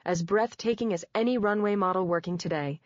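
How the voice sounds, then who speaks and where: A woman narrating a first-person audiobook in a wry, measured way, close to a studio mic. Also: medium pitch, no room sound. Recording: dull dry studio read.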